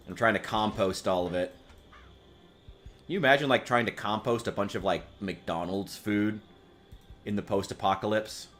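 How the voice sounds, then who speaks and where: A man from the United States with a fairly low, slightly bright voice chats while streaming a game. The talk is loose and jokey, with frequent profanity and many restarts.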